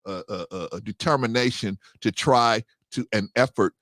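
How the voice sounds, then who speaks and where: A man's voice: on the low side, normal speed, dry recording, studio quality. A man hosting a casual talk show, reacting and asking questions. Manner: lively, questioning, reacts with short interjections. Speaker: podcast host. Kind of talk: casual chat.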